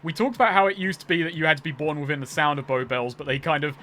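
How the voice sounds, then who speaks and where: Man, London estuary accent, bright, slightly high, rambling, swearing, gaming stream. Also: racing, slight background noise. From North London. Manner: rambling, swearing, laughing asides. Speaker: streamer, guest player. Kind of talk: casual gaming stream chat.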